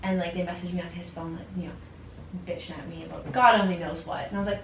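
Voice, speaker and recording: A young woman chatting casually and telling animated stories, with constant "like" fillers. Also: lowish voice, fast. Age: young adult. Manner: animated storyteller, full of "like". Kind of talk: casual chat. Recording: roomy, distant mic, faint noise.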